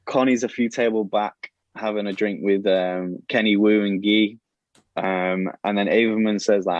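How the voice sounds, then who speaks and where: Low-voiced man rambling through a plot pitch. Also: fairly even intonation, moderate pace, a little mellow, dry recording. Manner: rambling, many restarts and fillers, acts out quoted lines. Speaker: podcast host pitching a show plot. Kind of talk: casual podcast storytelling. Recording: dull, lo-fi and dry.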